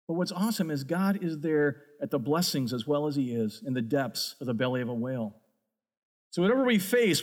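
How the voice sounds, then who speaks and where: A man preaching a sermon as a pastor, earnest and emphatic. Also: on the high side.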